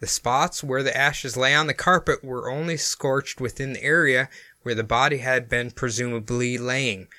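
A man's voice: medium pitch, fairly even intonation, moderate pace, pushed and bright, no echo, studio quality. A man co-hosting a casual podcast, reading from his notes and often chuckling mid-sentence. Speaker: podcast co-host presenting the topic. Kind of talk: casual chat mixed with reading notes aloud.

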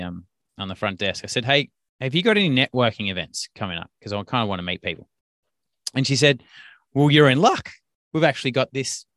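A man's voice: mid-range voice, sharp tone, clean tone, no room sound. A man hosting a podcast, telling a rambling business story full of fillers and restarts. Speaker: podcast host and business coach. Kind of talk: casual storytelling monologue.

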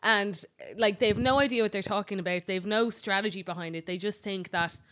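A woman's voice: mid-range voice, fast talker, a bit bright. Irish woman co-host, young, casual chatty, swears a lot. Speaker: podcast co-host. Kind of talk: casual chat.

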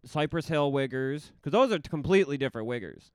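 A young man, co-hosting a casual podcast, cracking deadpan jokes and telling stories. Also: medium pitch, clear, resonant tone, no echo, studio quality. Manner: deadpan jokes, quick to laugh, storytelling. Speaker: podcast co-host. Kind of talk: casual crude banter.

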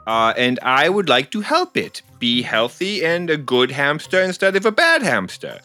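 A man at a tabletop game voices his cleric with playful earnestness and frequent laughter. His voice rides a little high, swings widely in pitch, and sounds bright. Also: wildly swooping pitch, normal speed, faint music behind. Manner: playful, laughs often, earnest in-character pleas. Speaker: player. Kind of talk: tabletop role-play.

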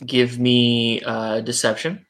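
A man running a tabletop role-playing game as game master, narrating scenes with frequent halting fillers. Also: medium pitch, little pitch movement, fairly bright tone, slight background noise.

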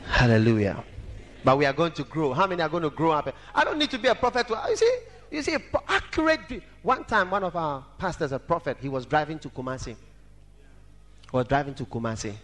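A man preaching a sermon dramatically, shouting at times and breaking into song. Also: expressive, quick pace. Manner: dramatic, shouting and singing, wide swings in pitch. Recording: echoey hall reverb.

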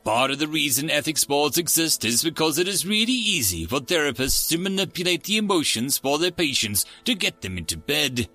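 A man narrates a first-person story with a wry, sardonic edge. His pitch sits a bit high and moves around a lot, and the tone is bright. Faint music plays underneath. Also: very animated, a little fast, few pauses.

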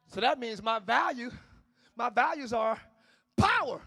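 A male pastor preaching a sermon in church, swinging between shouted lines and low, quiet passages. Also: brisk, vocal fry. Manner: preaching with call-outs, shifting between shouting and low tones. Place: church sanctuary.

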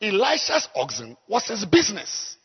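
A man preaching a sermon as a pastor, dropping to low murmurs and rising to high shouts. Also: huge pitch swings, moderate pace, breathy edge, dull audio. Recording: long hall reverb.

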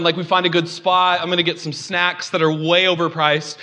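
A man's voice: fairly high pitch, level tone, moderate pace, sharp tone. A young man preaching a conversational sermon, joking and calling out to his congregation. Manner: joking, chatty, audience call-outs. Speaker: pastor.

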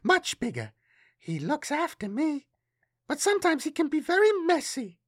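A man voicing an eerie little girl who speaks softly, slowly and knowingly, for an audiobook. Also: wildly swooping pitch, dry recording, clean studio sound, full character voice. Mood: matter-of-fact. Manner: high, soft, childlike, slow and knowing. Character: eerie little girl, young, small, uncanny calm. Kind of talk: audiobook character voice.

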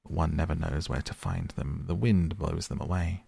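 A man's voice: a bass voice, fairly even intonation, normal speed, vocal fry, mellow, breathy edge, full character voice. A man voicing a small, plain desert flower in an audiobook reading, matter-of-fact. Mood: detached.

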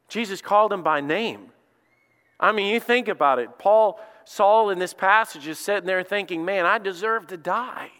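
A middle-aged pastor delivers a sermon, his voice high and bright. He preaches emphatically and talks to the congregation conversationally, repeating his phrases. The words ring out with a long reverb. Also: normal speed, clean tone.

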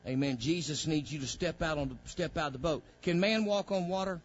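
A pastor preaches to his congregation in a fairly high voice, asking questions of the people in the pews and building into fervent, shouted stretches. The recording is dull and lo-fi, like an old church tape. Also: brisk. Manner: preaching with call-outs to the congregation, rising to loud fervor. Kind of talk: sermon.

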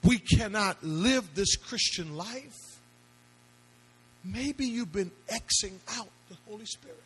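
A man's voice: sits high, slow, fairly bright tone, husky. A male pastor preaching a sermon to a congregation, with emphatic call-and-response questions and phrases that he sings out. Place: church before a congregation.

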